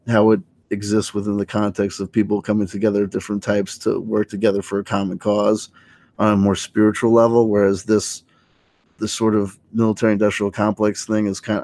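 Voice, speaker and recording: A man hosting a late-night livestream, talking in a rambling, hesitant way with many restarts and sudden lifts in voice. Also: fairly low pitch. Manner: rambling, hesitant, full of restarts, animated when quoting. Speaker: livestream host.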